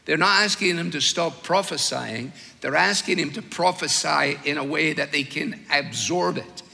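An older man preaching a sermon, telling stories with wry humor and slow, weighed emphasis. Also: a little high, vocal fry, bright, forceful tone, long reverb tail.

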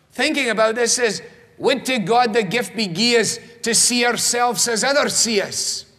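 A man preaching a sermon in a rhetorical, animated manner, acting out the voices he quotes. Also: extremely high pitch, long reverb tail.

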